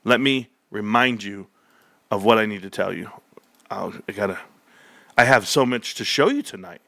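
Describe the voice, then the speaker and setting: A man hosting a stock market livestream, talking in an excitable, joking, rambling rant. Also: on the low side, moderate pace, vocal fry, dry recording. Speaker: stock market stream host.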